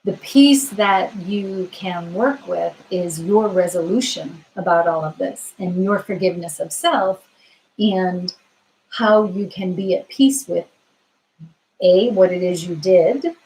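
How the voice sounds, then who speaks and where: A woman tarot reader answering viewer questions on a live stream, gentle and reassuring, thinking aloud with frequent fillers. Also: on the low side, takes it slowly, rough recording.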